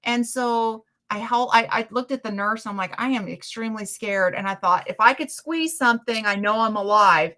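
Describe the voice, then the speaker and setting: A woman hosting a casual chat stream, telling stories in a chatty, animated way. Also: medium pitch. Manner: chatty storytelling, animated retellings. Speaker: livestream host.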